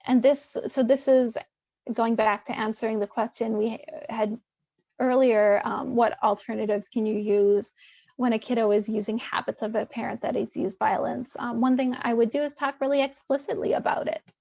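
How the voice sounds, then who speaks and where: Woman, therapist, webinar talk, relaxed with fillers, slightly high pitch, gravelly. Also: normal speed, dry recording. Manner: conversational, many fillers and restarts. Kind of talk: webinar presentation.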